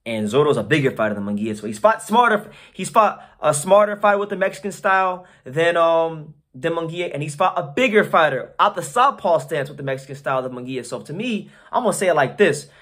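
A man's voice: fairly high pitch, animated, a little fast, few pauses, a bit bright. A man hosting a boxing channel, giving casual, opinionated commentary to his viewers in a slangy, blunt way, often repeating and restarting words.

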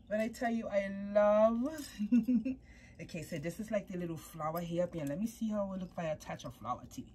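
A woman's voice: medium pitch, fairly quick, dark tone, slight background noise. A woman vlogging about her doll collection in casual chat to the camera, gushing and cooing baby talk at her doll.

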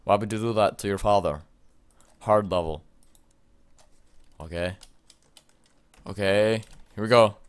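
A young man commenting on his gameplay, excitable and often shouting at the game with mild swearing. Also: lowish voice, a little slow, long pauses, smooth. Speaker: let's play gamer.

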